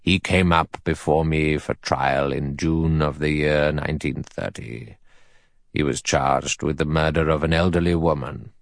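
A man voicing an elderly male judge in an audiobook, cold, precise and measured in delivery. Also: very deep voice, fairly even intonation, vocal fry, dry recording, clean studio sound, exaggerated voice. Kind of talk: audiobook character reading.

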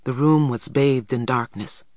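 A man reading a first-person story aloud in a measured, quiet way. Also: medium pitch, fairly even intonation, no echo, clean studio sound. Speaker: audiobook narrator. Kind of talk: scripted first-person narration.

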